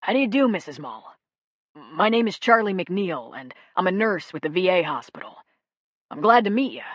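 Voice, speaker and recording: A woman's voice: lowish voice, sing-song, moderate pace, no echo. A woman voicing a kindly male nurse. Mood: reassuring. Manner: polite, gentle reassurance.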